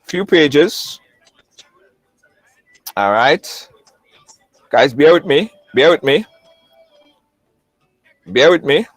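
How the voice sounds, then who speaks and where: A man hosting a live online talk show, lively and repetitive, greeting viewers by name. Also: fairly high pitch, drawn-out words, long pauses, dry recording, soft background music, poor audio. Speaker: host.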